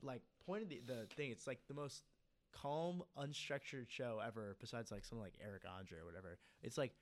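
A man's voice: medium pitch, fairly quick. A young man co-hosting a casual podcast, rambling through stories with a lot of "like" fillers. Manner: rambling, filler-heavy storytelling. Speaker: podcast co-host. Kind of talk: casual chat.

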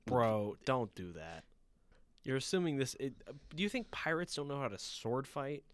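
A man's voice: mid-range voice, big pitch swings, normal speed, clear, resonant tone. Man reading summaries and reacting. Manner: reads plot summaries, chimes in with reactions. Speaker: podcast co-host. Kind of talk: casual chat.

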